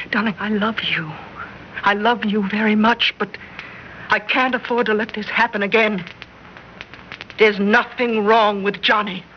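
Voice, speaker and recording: An actress playing a calm but firm middle-aged mother in a 1950s radio drama. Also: medium pitch, lightly acted. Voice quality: soothing yet firm. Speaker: mother and wife. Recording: dull old radio broadcast with hiss.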